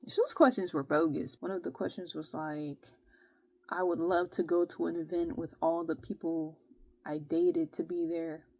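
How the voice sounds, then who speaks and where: A woman's voice: fairly low pitch, normal speed, no echo. Exasperated young woman vlogging. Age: young adult. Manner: animated, exasperated, slangy. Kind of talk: casual storytelling.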